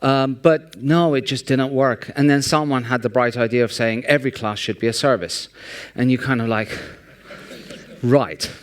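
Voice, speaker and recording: A man on stage at a big conference hall, poking fun in a wry, joking tone. His voice is smooth and resonant at an ordinary middle pitch. He tells his anecdotes with an animated, storytelling lilt. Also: normal speed. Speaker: conference speaker. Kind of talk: humorous conference talk.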